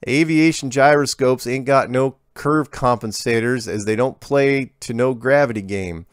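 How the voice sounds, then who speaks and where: A man's voice: mid-range voice, clean tone, no echo, clean studio sound, voice pushed up, natural voice. Man putting on a cranky old country drawl. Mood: folksy. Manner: slow folksy country drawl, ungrammatical. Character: cranky retired old rural man, folksy.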